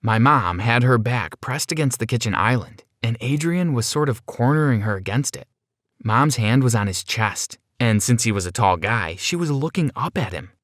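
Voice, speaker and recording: A man's voice: medium pitch, no room sound, clean studio sound. A man narrating a first-person story in a plain, conversational way, as a scripted voice-over.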